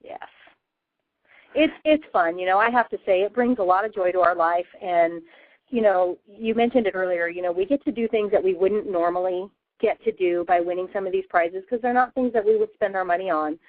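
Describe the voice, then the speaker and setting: A woman's voice: mid-range voice, a little fast, no echo. A woman hosting a casual radio interview, a chatty storyteller who laughs often. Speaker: host. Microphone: phone. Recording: tinny phone line, dry.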